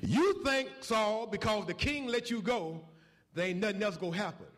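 Brief: male preacher, high voice with a wide swing, folksy call-and-response delivery. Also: expressive, normal speed, a bit bright. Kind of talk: sermon.

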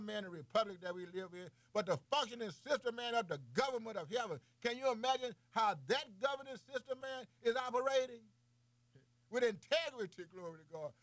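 With a voice that sits high and no room sound, a man delivers a loose sermon packed with rhetorical questions. He calls his listener man, boy and baby, chuckles between phrases, and moves between loud and soft delivery.

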